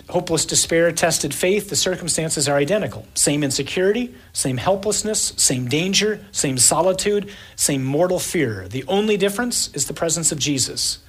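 A man delivering an evening sermon in a husky, breathy voice. He talks with drama, stacking emphatic lists and acting out the scene for his listeners. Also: fairly high pitch, fairly bright tone. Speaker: preacher.

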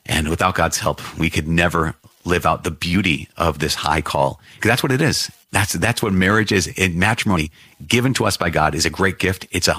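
A man's voice: low voice, bright, forceful tone, no echo, studio quality. A man, a priest hosting a devotional podcast, who teaches earnestly and repeats phrases for emphasis.

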